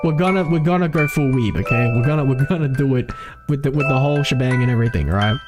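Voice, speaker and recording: A woman streamer with a bass voice talks fast over music as she plays through and reads a visual novel. Her game commentary rambles, and she keeps correcting her own slips.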